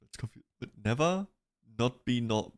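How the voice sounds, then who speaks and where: A male streamer chats casually and rambles through his thoughts, often restarting sentences and breaking into laughs. His voice sits at an ordinary middle pitch. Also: animated, moderate pace. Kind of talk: casual chat reacting to online drama.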